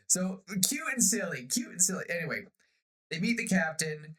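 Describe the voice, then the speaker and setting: Animated male podcast co-host, bright lively delivery, brainstorms and acts out lines. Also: mid-range voice. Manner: animated, acts out pirate lines in quick bursts. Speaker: podcast co-host pitching a story. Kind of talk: casual brainstorming chat. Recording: slightly off-sounding podcast audio.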